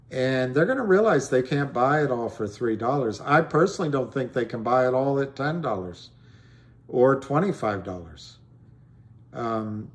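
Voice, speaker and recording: A middle-aged man hosting a live stream, rambling through stories and answers to callers with many restarts. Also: medium pitch. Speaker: livestream host answering callers.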